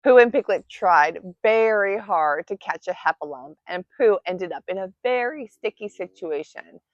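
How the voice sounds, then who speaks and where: Soft-spoken woman reading a bedtime story. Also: mid-range voice, normal speed, no echo. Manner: soft, cozy, expressive. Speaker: storytime reader. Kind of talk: gentle bedtime read-aloud narration. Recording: dull lo-fi dry recording.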